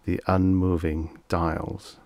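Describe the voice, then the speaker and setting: Male audiobook narrator, low and gravelly, measured dramatic delivery, dry close mic. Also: little pitch movement, a little mellow, dry recording. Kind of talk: scripted narration of vintage science fiction.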